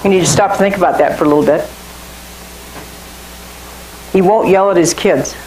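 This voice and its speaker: Leading an informal Bible study for a small group, a woman talks through scripture in a chatty way, often circling back to repeat or restart phrases. Her voice is fairly low and slightly mellow at a normal pace, heard in an echoey room with some hiss or hum and poor audio.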